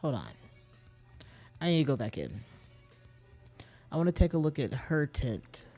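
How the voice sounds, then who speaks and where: A man streams a mystery game, working through the clues aloud and reading the in-game letters. His voice sits a little high. Faint music plays behind him. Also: sing-song, measured pace, mellow. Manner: thinks aloud, restarts sentences, reads letters aloud with stumbles.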